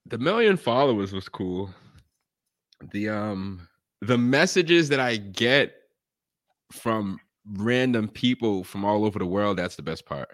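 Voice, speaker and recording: A man's voice: lowish voice, unhurried, dry recording, studio quality. A man chatting as a podcast guest, telling stories and acting out the voices of people he quotes. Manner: animated storyteller, acts out quoted voices. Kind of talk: casual chat.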